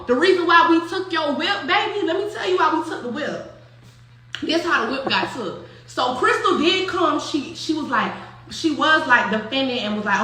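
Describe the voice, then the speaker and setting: Animated high-voiced woman telling a story. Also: moderate pace, very echoey. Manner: animated, profane, laughs often, acts out quotes. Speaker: storyteller recounting a personal story. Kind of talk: casual storytime chat.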